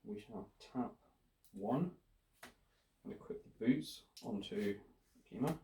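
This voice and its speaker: A man playing a casual card game, announcing moves and reading cards deliberately. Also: lowish voice, mellow. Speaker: player. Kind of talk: casual tabletop game play. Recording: echoey room.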